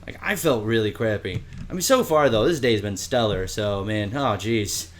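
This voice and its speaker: A young man tells a story in a loose, casual podcast chat. He gets animated and jumps into higher voices when he quotes people. Faint background noise sits under his voice. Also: moderate pace. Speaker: podcast co-host.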